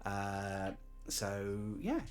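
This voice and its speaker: A man signs off a tabletop game stream in loose, laughing chat, filling gaps with ums and trailing off. His voice swings widely in pitch, and soft music plays under him. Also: very animated, extremely slow, clear, resonant tone. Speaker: host. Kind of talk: casual outro chat with plugs.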